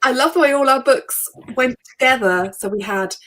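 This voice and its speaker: A woman's voice: high voice, normal speed, fairly bright tone, rough recording. Chatty woman host. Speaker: host of a live storytime event. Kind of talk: casual chat.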